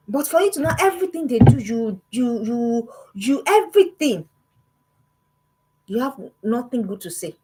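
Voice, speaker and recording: A woman's voice: fairly high pitch, expressive, normal speed, warm tone, slight background noise, low-quality recording. A woman, giving an emphatic motivational talk to parents as a parenting coach and firing off repeated words and rhetorical questions.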